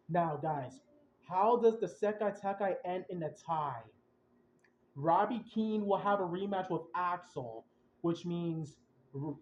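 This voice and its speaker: A young man hosting a podcast, excitedly retelling events in a rambling, casual way with slang. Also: sits high, slight background noise. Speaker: podcast host. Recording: roomy, dull lo-fi sound.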